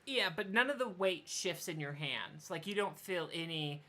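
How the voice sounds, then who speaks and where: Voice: mid-range voice, lively intonation, normal speed, bright, forceful tone. A game master narrating a tabletop game in a wry, playful way. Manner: wry, playful, laughs easily.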